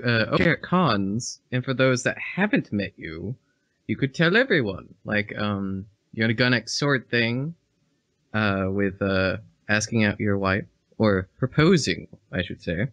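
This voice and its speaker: A man co-hosting a podcast, asking a guest a question in a hesitant, halting way. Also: fairly low pitch, expressive, fairly bright tone, no room sound. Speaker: podcast co-host. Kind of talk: casual podcast interview.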